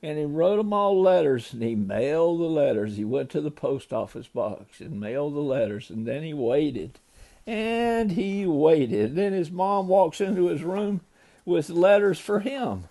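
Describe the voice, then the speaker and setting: A man's voice: on the high side, creaky, warm tone. An older man, a grandfather, loosely retelling a children's story to a grandchild, ad-libbing with small slips.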